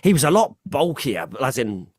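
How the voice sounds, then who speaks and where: A man's voice: mid-range voice, sing-song, normal speed, no room sound, studio quality. A man guesting on a podcast, chatting casually and thinking aloud with some hesitation. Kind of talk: casual chat.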